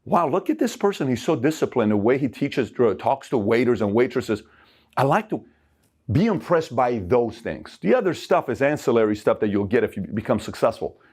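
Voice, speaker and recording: A middle-aged man from Iran giving a motivational talk of life advice, emphatic and animated, acting out the people he quotes. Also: medium pitch, normal speed, slightly rough.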